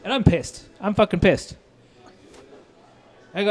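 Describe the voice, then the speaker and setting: A man's voice: high voice, unhurried, pauses often. A man with a Midwestern American accent, a restaurant owner and chef, telling stories in casual chat, swearing freely and acting out both sides of arguments. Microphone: lapel mic.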